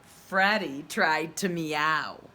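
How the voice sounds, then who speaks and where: A woman who is a preschool teacher, reading a picture book aloud to young children and asking them questions. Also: low-pitched. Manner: gentle, slow and questioning, speaking to little kids.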